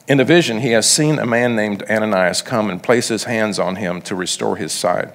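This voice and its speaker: A man's voice: on the low side, a little fast, hardly any pauses, long reverb tail. A man preaching a sermon, reading scripture aloud and then explaining it in a conversational way. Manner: reads passages then explains them conversationally.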